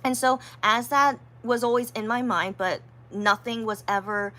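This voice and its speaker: A chatty woman tells a long story to her viewers in a bright, forceful voice that sits a little high. She rambles with plenty of fillers and restarts. She lifts her voice whenever she acts out what someone said. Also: measured pace. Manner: animated, acts out quotes in a higher voice. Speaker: livestreamer.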